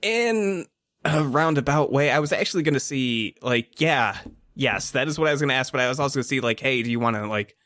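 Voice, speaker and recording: A man's voice: mid-range voice, animated, fairly quick, a bit bright, no echo, clean studio sound, voice pushed up, lightly acted. A man voicing an awkward teenage boy who rambles and stammers nervously. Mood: flustered.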